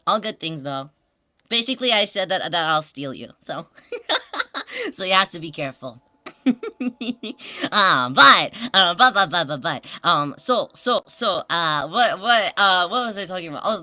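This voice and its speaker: Woman streamer, casual chat, excitable, stumbling restarts, bright voice, dry sound, faint music behind. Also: on the low side, no echo. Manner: excitable storyteller, stumbles and restarts, swears, laughs often.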